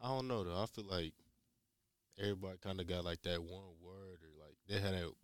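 Young man, very low voice, relaxed halting chat. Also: clear, resonant tone, dry recording. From Memphis, USA. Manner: laid-back, halting, full of "like". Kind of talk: casual chat.

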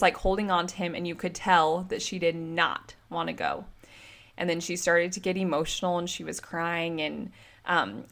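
A woman in her thirties hosting a relationship podcast, telling stories in a chatty, animated way and filling her talk with "like". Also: medium pitch. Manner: chatty, animated storytelling with frequent "like". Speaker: podcast host and relationship coach. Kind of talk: casual solo podcast monologue.

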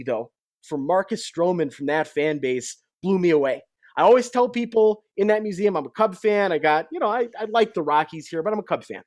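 A man's voice: sits high, dry recording, studio quality. A young adult man chatting casually on a sports talk show, telling stories in a chatty way. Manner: chatty storyteller. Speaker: podcast co-host.

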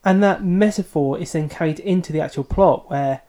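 A man co-hosting a book podcast. His voice is mellow and warm, and his delivery is thoughtful and a little self-deprecating, as he hedges his opinions in a casual chat. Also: fairly high pitch, normal speed. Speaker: podcast co-host.

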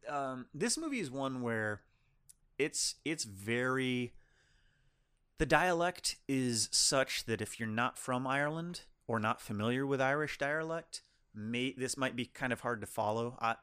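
Male co-host, mid-pitched, rambling casual film review, dry close sound. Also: expressive, a little slow, bright, forceful tone, smooth, no echo. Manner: rambling, restarts sentences. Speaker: podcast co-host.

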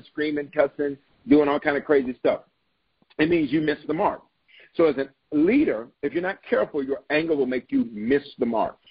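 A man's voice: a little high, creaky, slightly rough, dull audio. A man preaching a leadership sermon as a bishop and podcast host, emphatic, repeating key lines and calling out to his listeners.

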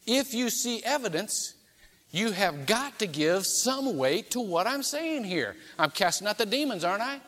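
A man preaching in a church, with a fairly high voice that leaps up and down as he acts out the people in his stories. His sermon rings with a long hall reverb. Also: big pitch swings, normal speed, fairly bright tone. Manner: storytelling preacher who acts out quoted dialogue. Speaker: pastor. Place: church sanctuary.

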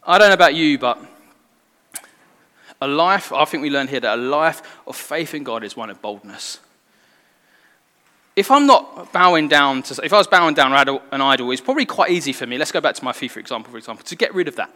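A man's voice: a little high, lively intonation, fast, pushed and bright. A man preaching a sermon in an earnest, conversational way that draws in the congregation. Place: church hall. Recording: long reverb in a hall.

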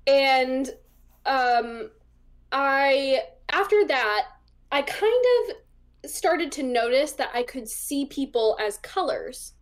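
High-voiced chatty woman telling stories. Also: takes it slowly. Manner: chatty, acts out voices in her stories, frequent fillers. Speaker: interview guest, psychic medium. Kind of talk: casual interview storytelling.

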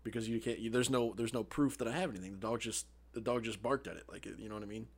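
A man's voice: on the low side, fairly even intonation, quick pace, breathy edge. A young man co-hosting a podcast, telling a story in a casual, profane, laughing way. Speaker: podcast co-host.

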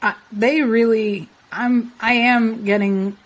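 A woman's voice: fairly high pitch, steady tone, takes it slowly. A woman co-hosting a podcast in casual chat, playful and self-mocking, laughing often. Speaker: podcast co-host.

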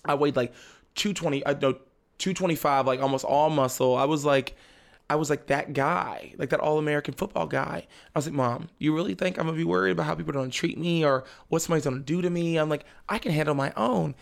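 A young man, a podcast guest, telling a story in casual chat, animated and laughing often as he acts out his family's lines. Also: on the high side, fast talker, vocal fry. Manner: laughs often while talking.

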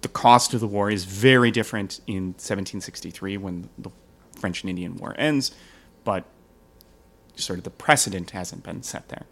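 A man who hosts a history podcast, explaining the past at length in a relaxed, joking chat and laughing easily. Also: low voice, normal speed.

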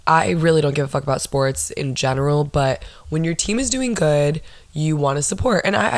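A woman in her twenties hosts her own podcast, telling stories bluntly and with lots of swearing. Her voice has a gravelly, creaky edge. The sound is close and dry. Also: sits low, dry recording. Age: 20s. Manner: blunt, profane, animated storytelling. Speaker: podcast host. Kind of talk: casual solo chat.

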